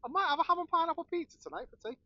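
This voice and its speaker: A man's voice: very high voice, very fast, sharp tone, dry recording, lo-fi sound. A man with a Scouse accent, chatting and ranting with a laugh as he hosts a live stream. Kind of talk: casual chat.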